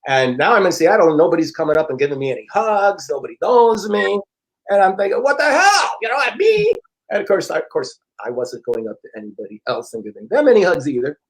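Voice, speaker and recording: A middle-aged man, an interview guest and personal growth teacher, telling a story in a frank, profane, animated way and acting out the dialogue. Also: on the high side, fast, low-quality recording. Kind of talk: casual storytelling.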